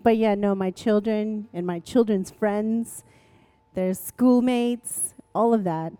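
A woman's voice: medium pitch, takes it slowly, warm tone, clean tone. A woman giving a short testimony in a church hall, heartfelt and close to tears. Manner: emotional, heartfelt. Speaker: church member.

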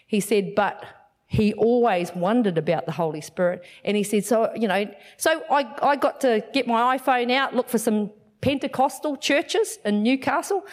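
A woman pastor, telling a story in a sermon and acting out the dialogue. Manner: animated, acts out dialogue with big swings in pitch.

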